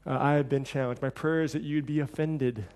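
A middle-aged man preaching a sermon, telling stories and acting out quoted voices with lively shifts. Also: a little fast. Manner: storytelling, acts out quoted voices with lively shifts in pitch and level. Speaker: pastor.

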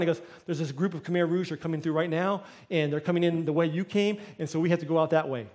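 A middle-aged man, a pastor, preaching a sermon with lively storytelling and acted-out quotes. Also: fairly high pitch, quick pace. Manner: storytelling, acts out quoted voices.

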